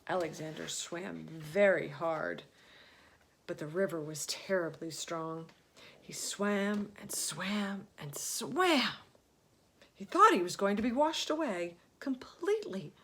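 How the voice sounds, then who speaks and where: A woman storyteller reading a children's story aloud, expressive and often dropping to a hushed whisper. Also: on the low side, takes it slowly, slight background noise.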